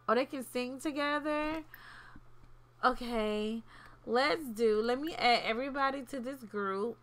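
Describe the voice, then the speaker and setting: A woman's voice: a little high, slow pace, long pauses, a bit bright. A woman chatting playfully through a life-sim game, talking to her characters as she plays. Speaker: gaming channel host. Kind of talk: casual gameplay commentary.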